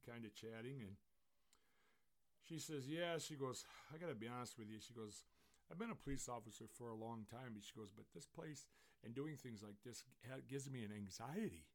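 A man's voice: mid-range voice, animated, normal speed. A man who is a pastor, telling a story and then preaching a fervent sermon. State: tearful.

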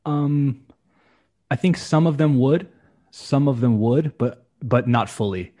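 An English teacher talks casually on a podcast in a slow, mid-range male voice. He's animated, acting out quoted speech with shifting voices.

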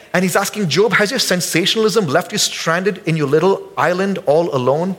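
A man preaching a sermon as pastor in a church service, casual and joking with the congregation, jumping high in pitch when acting out quotes. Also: normal speed, hardly any pauses, fairly bright tone.

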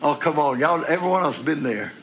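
A man preaching a sermon, going from quiet scripture reading to shouted praise and talking folksy and direct to the congregation. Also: fairly high pitch, quick pace, lo-fi sound, a little hiss or hum. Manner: folksy, talks straight to the congregation.

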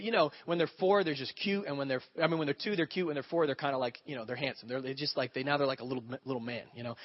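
A man preaching a sermon as a pastor, telling stories with animated acted-out voices. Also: mid-range voice. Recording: dull lo-fi sound.

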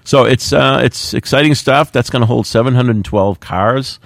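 A man's voice: medium pitch, moderate pace, creaky, no echo, studio quality. A middle-aged man, a mayor speaking in a plainspoken, folksy way with plenty of fillers. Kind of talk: radio interview talk.

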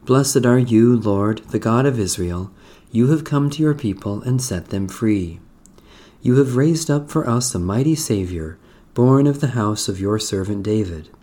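A man giving a slow, measured liturgical reading of prayers and scripture in a solemn, prayerful manner. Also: medium pitch, mellow. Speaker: liturgical reader.

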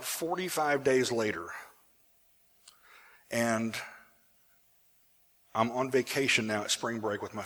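A male pastor telling a personal story in a sermon, animated at times and hushed in the emotional moments. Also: medium pitch.

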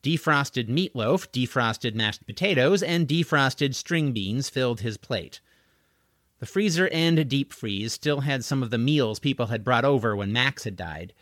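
A man narrating a middle-grade novel in an expressive, scripted audiobook reading. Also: medium pitch, measured pace, no room sound, clean studio sound.

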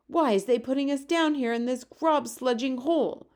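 A woman's voice: high voice, moderate pace, voice pushed up, lightly acted. Bellowing man-eating giants, put on by a woman. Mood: furious. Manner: shouting, bellowing.

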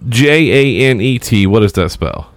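A man with a voice in the middle range, telling a story on a casual podcast. He delivers his punchlines in a dry, deadpan way. The recording is close, with no room sound. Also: medium pitch, moderate pace, no room sound. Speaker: podcast co-host.

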